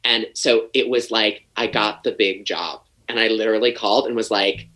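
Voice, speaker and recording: A man's voice: on the low side, steady tone, moderate pace, pushed and bright, rough recording. A man telling stories as a podcast guest, profane and self-mocking, acting out scenes as he goes. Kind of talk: animated storytelling.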